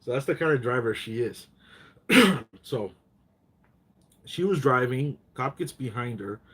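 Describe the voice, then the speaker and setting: A man's voice: mid-range voice, expressive, unhurried, fairly bright tone, breathy edge. A man hosting a casual live chat, telling rambling stories full of profanity and getting worked up.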